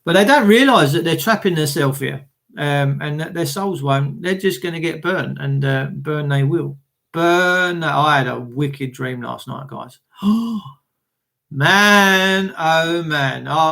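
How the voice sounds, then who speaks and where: An Englishman with a high-pitched voice rants angrily on a live stream, swearing and stammering as he goes. He stumbles over his words and reads viewers' comments aloud between tirades. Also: measured pace, gravelly, pushed and bright. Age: adult with children. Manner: angry, profane, stammering rant. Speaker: livestreamer reading chat.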